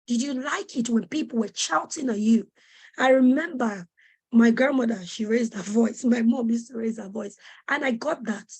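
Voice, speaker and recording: A fairly high, husky woman's voice teaches parents in a webinar, pleading and pressing each point. She repeats her questions with urgent, preacher-like weight. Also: moderate pace, a little mellow. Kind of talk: earnest teaching talk to parents.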